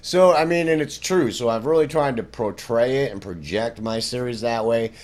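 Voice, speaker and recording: A man's voice: mid-range voice, moderate pace, a little mellow. A middle-aged man giving a casual guitar lesson, rambling and conversational, peppering his talk with "you know" and "bro". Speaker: guitar teacher.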